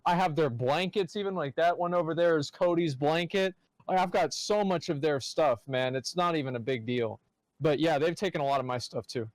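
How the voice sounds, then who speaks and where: Young guy, high voice, rambling stories on a podcast, dry close mic. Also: brisk, no echo, poor audio. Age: young adult. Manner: rambling anecdotes, strung together with likes. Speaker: podcast guest. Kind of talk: casual podcast chat.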